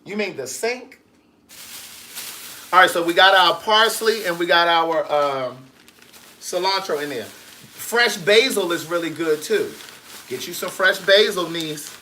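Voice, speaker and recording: Man, bright tone, slightly high voice, sassy casual how-to chat, home kitchen. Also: measured pace, a little hiss or hum. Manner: sassy, calls the viewer niece and girl. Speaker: vlogger and writer.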